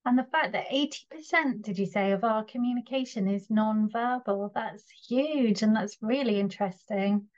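A woman's voice: on the high side, normal speed, hardly any pauses. A woman hosting a podcast interview, encouraging her guest and asking follow-up questions with occasional fillers. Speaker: podcast host. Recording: slightly dull lo-fi sound.

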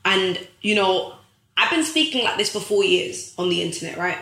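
A woman's voice: mid-range voice, moderate pace, bright, forceful tone, echoey room. A young woman hosting a live stream, giving a motivational talk to her viewers with emphatic, preachy repetition and calling them guys. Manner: preachy, emphatic, repeats phrases for effect; addresses viewers directly as guys.

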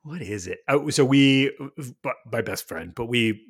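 A man's voice: mid-range voice, expressive, unhurried. A middle-aged man co-hosting a podcast, chatting casually and rambling with many fillers and restarts. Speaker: podcast co-host. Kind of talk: casual chat.

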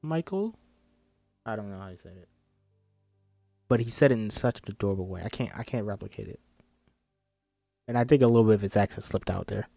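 A man's voice: fairly low pitch, steady tone, fast, gravelly, long pauses, warm tone, no room sound, faint music behind. A man reading a screenplay aloud and breaking off for chatty, self-interrupting asides. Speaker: script reader and commentator.

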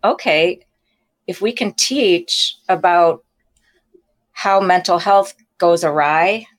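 A middle-aged woman, an author and podcast co-host, speaking frankly in an interview with halting restarts. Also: lowish voice. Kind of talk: candid conversational interview.

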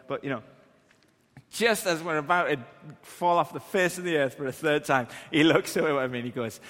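A man, preaching and telling a funny story about himself in a lively way that acts out the scenes. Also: fairly high pitch, fairly quick, big-room sound. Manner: animated, self-deprecating, acts out scenes. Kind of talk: humorous sermon storytelling.

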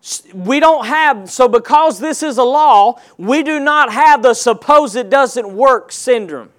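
Guy preaching, super high voice, call and response, gets loud and slow on the big points. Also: lively intonation. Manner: call-and-response preaching, rising to emphatic shouts. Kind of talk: sermon.

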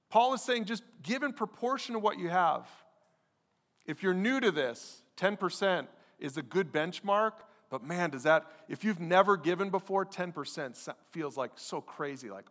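A man preaches to his congregation in a conversational, emphatic style, now and then voicing his listeners' objections. His voice sits fairly high for a man. The sound rings with the long reverb of a large church hall. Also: lively intonation, moderate pace, fairly bright tone. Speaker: pastor. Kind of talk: sermon.

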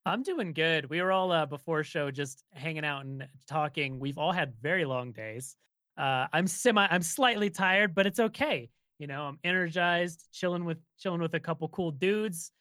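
A man who is a guest on a casual podcast, easygoing and quick to agree. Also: on the high side, bright, forceful tone, no room sound, studio quality.

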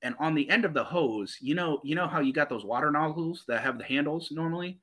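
A man hosting a podcast, telling animated, profane stories in casual chat. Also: fairly high pitch, fairly quick. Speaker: podcast host.

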